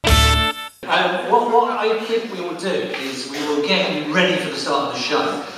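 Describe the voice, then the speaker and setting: A man's voice: fairly high pitch, unhurried, over music. A man doing live stand-up, teasing and riffing on the audience as he runs a participation bit. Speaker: stand-up comedian. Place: comedy venue. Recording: echoey venue from a distance, crowd laughter.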